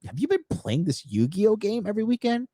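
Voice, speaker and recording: A man putting on the voice of an upset, suspicious young woman, his girlfriend, in a high whiny mimicry. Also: sing-song, a little fast, dark tone, no room sound, clean studio sound.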